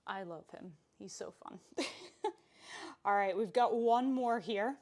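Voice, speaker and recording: A woman's voice: medium pitch, slow, darkish tone. A young woman teaching a live pilates class, chatty and playful, counting reps aloud with frequent laughs and a slight breathlessness as she holds planks. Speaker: pilates instructor. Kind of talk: live workout instruction.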